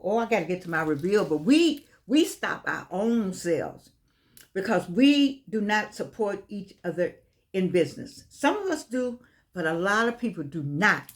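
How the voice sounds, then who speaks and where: An older woman speaks in a solo vlog. She talks emphatically and preachily, hammering her points home by repeating phrases. Her voice sits at an ordinary middle pitch for a woman. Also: lively intonation, moderate pace. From United States. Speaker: vlogger. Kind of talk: impassioned monologue.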